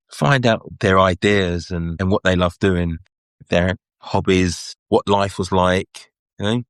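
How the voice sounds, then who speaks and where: A man with a London English accent and a very low voice tells anecdotes in a casual interview. He is chatty and lively and slips into laughter as he goes. The sound is close and completely dry. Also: dry recording. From England. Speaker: guest photographer.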